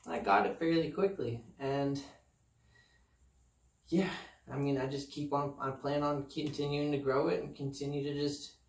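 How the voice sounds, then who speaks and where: Recorded off-mic from a distance in a roomy space, a man with a fairly high, creaky voice meanders through talk about his apartment home gym. He's a fitness vlogger, relaxed and quick to poke fun at himself.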